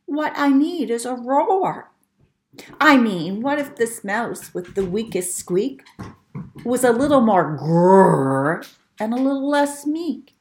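Storybook voice: woman playing a tiny eager boy mouse, squeaky and earnest, higher up. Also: very animated, slow. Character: tiny timid young male mouse, eager.

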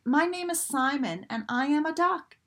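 A woman voicing a young boy who has become an eager little duckling, exclaiming with excitement. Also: high voice, normal speed, pitched above the performer's own voice. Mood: wide-eyed.

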